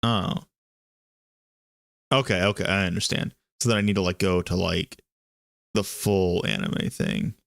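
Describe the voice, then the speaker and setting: A man's voice: low voice, fairly even intonation, measured pace, vocal fry, pauses often, no echo. A man co-hosting a podcast in casual chat who laughs often, swears and reads reviews aloud. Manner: laughs often, profane, drifts into dropped tones. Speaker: podcast co-host.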